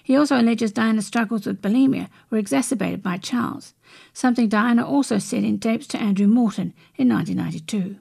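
A woman reading celebrity and royal stories from magazines aloud, in a steady read-aloud manner with brief restarts. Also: a little high, fast talker, vocal fry, breathy edge. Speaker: news reader.

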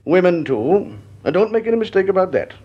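A man's voice: high voice, animated, fairly quick. A man playing a blustering company chairman. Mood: genial. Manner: bumbling, flustered, hesitant. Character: genial blustering older male company chairman. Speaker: actor in radio drama. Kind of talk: vintage radio drama acting. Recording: dull lo-fi old radio recording.

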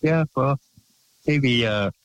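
A man calling into a late-night radio show, answering hesitantly with lots of fillers and short deadpan replies. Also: medium pitch, takes it slowly, clear, resonant tone, rough recording. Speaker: regular caller. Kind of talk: casual call-in chat.

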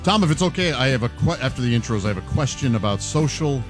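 A man's voice: medium pitch, expressive, quick pace, music in the background. A man co-hosting a radio show, asking curious questions and stumbling over his words. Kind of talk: morning radio banter. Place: radio studio.

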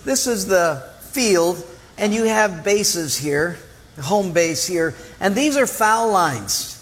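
A man's voice: high-pitched, slow. A man preaching a sermon in a church, telling illustrative stories and acting out the voices of the people in them. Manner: animated storytelling, acts out voices. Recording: long hall reverb.

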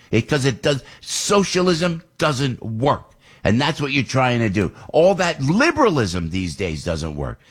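Husky animated New radio host. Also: male voice, medium pitch. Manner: animated, rambling, rising to indignant outbursts. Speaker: radio talk show host. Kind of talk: casual political radio talk. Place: radio studio.

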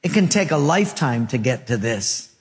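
A man's voice: mid-range voice, sing-song, moderate pace, in a large hall. A male pastor preaching a sermon, using rhythmic rhyming phrases and asking the congregation questions.

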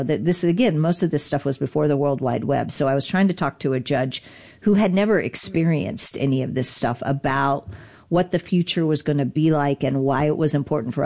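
A woman's voice: low voice, moderate pace, creaky, mellow. A woman guest in an interview, candidly recounting events in a wry, conversational way. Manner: candid, wry, self-deprecating. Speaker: interview guest, digital rights advocate. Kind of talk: conversational storytelling.

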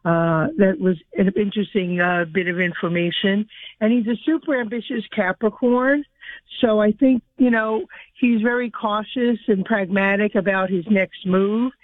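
A woman's voice: medium pitch, steady tone, normal speed, no room sound. A woman calling in to a radio show, explaining at length in an earnest, detailed way with fillers. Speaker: caller. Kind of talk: phone-in call. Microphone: telephone. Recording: tinny phone line.

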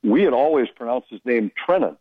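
A man who works as a hockey broadcaster, telling stories in casual radio chat with an animated, amused manner. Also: mid-range voice, brisk, no echo, narrow, tinny audio.

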